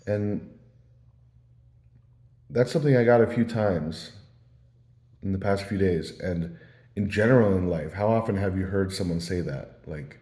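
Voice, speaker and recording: Mellow low-voiced man rambling casually. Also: unhurried, pauses often. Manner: meandering storytelling with many fillers and restarts. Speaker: vlogger. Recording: roomy echo.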